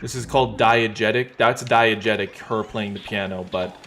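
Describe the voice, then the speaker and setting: A man streaming a game, talking in a relaxed, wry, joking way as he plays. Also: fairly low pitch, moderate pace, a little hiss or hum. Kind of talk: casual gameplay commentary.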